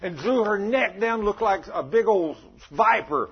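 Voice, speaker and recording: A man, a pastor telling a folksy, animated story in a sermon, on a dull lo-fi recording. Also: sits high, unhurried.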